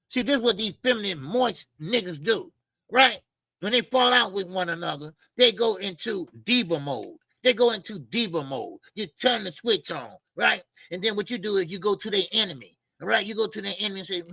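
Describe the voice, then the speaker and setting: A boxing channel host with a high-pitched, expressive voice that's gravelly, husky, bright and forceful speaks at normal speed, recorded with no echo. His opinionated commentary rant is blunt, profane and mocking, heavy on repeated phrases and fillers.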